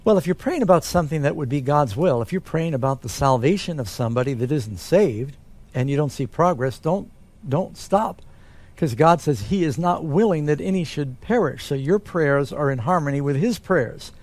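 Man, pastor explaining, somewhat high voice. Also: moderate pace. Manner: relaxed, conversational explaining. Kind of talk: Bible question and answer talk.

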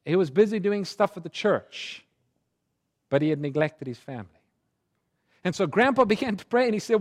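Guy preaching a sermon, kinda high voice, gets quiet then really pleads. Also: lively intonation, normal speed, pauses often. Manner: emotional, swings from hushed to fervent pleading. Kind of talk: sermon storytelling.

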